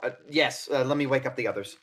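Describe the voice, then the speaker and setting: A man voicing a shaken young woman who stammers out bad news in a loud, apologetic rush, in a tabletop role-play. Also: medium pitch, fast, natural voice, low-quality recording. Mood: distraught.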